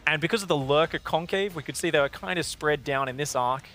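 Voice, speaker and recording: A bright, clear-voiced man with an Australian accent explains replays as a desk analyst. His voice sits a little high for a man, and he talks in steady, explanatory turns. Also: quick pace. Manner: explanatory, walks through replay. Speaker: esports analyst.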